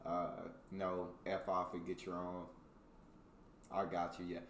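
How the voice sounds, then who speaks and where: A man's voice: low-pitched, monotone, measured pace, reverberant, a little hiss or hum. An American man hosting a reaction video, reading jokes aloud in casual commentary and laughing often between them. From United States.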